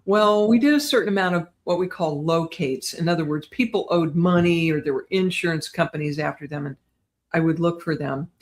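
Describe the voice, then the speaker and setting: A woman's voice: on the low side, fairly quick. Chatty older woman telling stories. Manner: chatty, animated, tags lines with "right?". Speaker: guest psychic medium. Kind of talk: casual storytelling interview.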